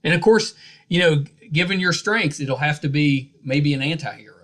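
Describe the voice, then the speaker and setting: A man with a West Virginia accent hosting a podcast interview, easygoing and joking, often trailing off softly at the ends of phrases. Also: on the high side, moderate pace. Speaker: podcast host. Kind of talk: casual interview.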